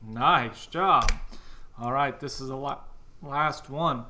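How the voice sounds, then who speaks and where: A man's voice: mid-range voice, slow pace, background noise. A man teaching a children's music class, counting down and cheering the kids on.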